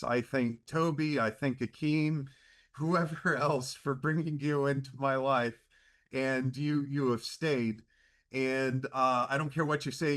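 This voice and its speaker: Halting, emotional man presenting an award. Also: medium pitch, fairly bright tone. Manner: emotional, halting, many fillers. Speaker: committee chair. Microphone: video call.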